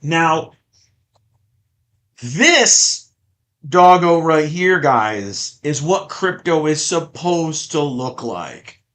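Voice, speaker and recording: A man's voice: fairly high pitch, big pitch swings, drawn-out words, a bit bright. A man hosting a collectibles podcast, ranting in a sarcastic, exasperated way about online complaints. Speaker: podcast host. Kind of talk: casual ranting chat.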